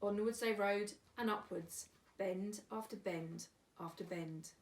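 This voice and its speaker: A woman's voice: mid-range voice, takes it slowly, distant mic. Woman reading a rhyming picture book. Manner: sing-song rhyming delivery. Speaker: volunteer storyteller. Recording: echoey room, away from mic.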